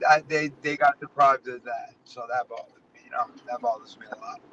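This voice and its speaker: A man talking loudly and emphatically in a casual chat, calling in. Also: mid-range voice, steady tone, brisk, dull audio, crowd noise. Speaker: caller.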